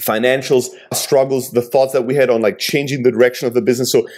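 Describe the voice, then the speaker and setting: A man's voice: mid-range voice, steady tone, quick pace, darkish tone. A man and entrepreneur sharing hard moments of his career in an earnest, reflective conversational way.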